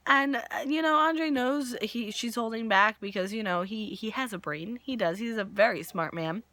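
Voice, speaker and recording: A woman in her twenties casually recapping a soap opera episode, animated and jokey, acting out characters' lines while losing her voice. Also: a little high, normal speed, no echo. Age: 20s.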